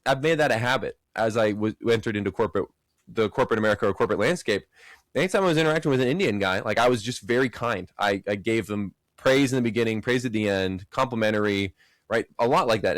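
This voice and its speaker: Male podcast co-host, mid-range voice, animated storyteller, dry studio sound. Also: medium pitch, quick pace, no room sound. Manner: animated storyteller, acts out quotes in raised voices. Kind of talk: casual podcast chat.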